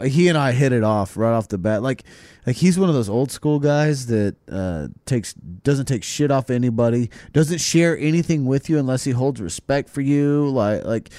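Man telling a story in animated, profane fashion. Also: medium pitch, moderate pace, dry recording. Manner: animated storytelling, acts out other people's lines, swears freely. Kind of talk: casual podcast chat.

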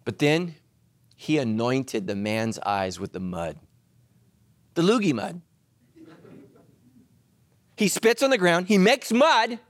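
A male pastor delivering a sermon with a high, lively voice that climbs and drops. He tells his stories with humor and swings from loud emphasis to hushed asides. The recording is dry and close, with no room echo. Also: slow pace, pauses often.

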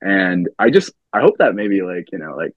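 Husky, low-voiced male guest. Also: big pitch swings, normal speed, dry recording, phone-quality sound. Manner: laid-back, laughs often, many fillers. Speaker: cosplayer guest. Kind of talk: casual interview chat.

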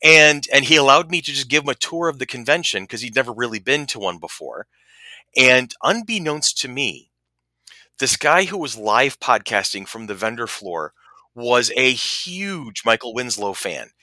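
A middle-aged man co-hosting a casual chat, telling animated anecdotes and acting out the quotes. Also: mid-range voice, normal speed, no echo. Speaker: podcast co-host.

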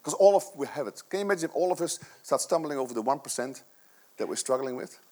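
A man's voice: mid-range voice, animated, quick pace, darkish tone. A middle-aged man preaching a sermon to his church, earnest and conversational, with many rhetorical questions. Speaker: pastor.

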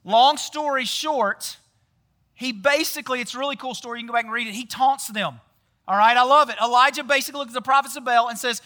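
This pastor's voice is extremely high, brisk, pushed and bright as he preaches a relaxed sermon. He chats with the audience, quizzes them often, and keeps adding "right?" to his lines.

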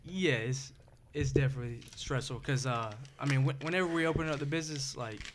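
A young man with a Southern US accent, telling a long story in a relaxed, rambling, slangy way on a podcast. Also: mid-range voice, brisk, a little hiss or hum. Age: young adult. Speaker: podcast guest, store co-owner. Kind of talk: casual storytelling chat.

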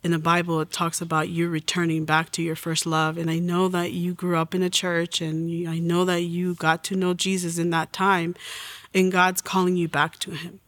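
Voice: medium pitch, monotone, normal speed, fairly bright tone, no echo. An adult in their forties telling a personal faith story in an earnest way, acting out the lines they quote. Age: 40s. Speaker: testimony guest.

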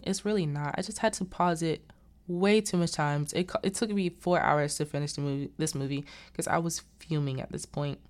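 A woman casually retelling a movie's plot as a recap host, acting out the characters' lines as she goes. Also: on the low side. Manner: animated retelling with quoted dialogue.

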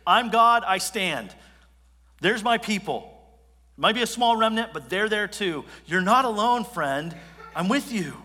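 A commanding, ancient God declares each word with emphasis, in a raised and forceful voice, as a preacher takes him on. The voice rings through a big hall and its long echo. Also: male voice, high-pitched, expressive, a little slow, voice pushed up, exaggerated voice.

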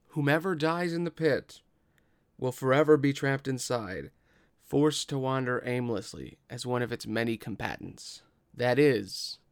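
Game master, male: gravelly, smooth voice, dry close sound, slow dramatic narration. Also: mid-range voice, dry recording.

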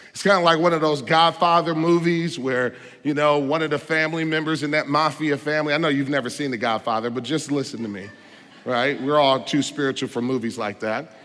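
A man preaches in a somewhat high voice, pressing his points with rhetorical questions and emphatic stresses. His words carry a long reverb through the church sanctuary. He moves from loud declarations to hushed, earnest asides. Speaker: pastor. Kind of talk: sermon.

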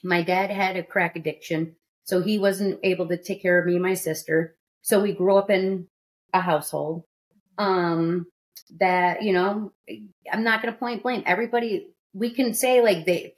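A woman's voice: lowish voice, normal speed. Candid, emphatic woman podcast host. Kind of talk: casual podcast chat. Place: studio.

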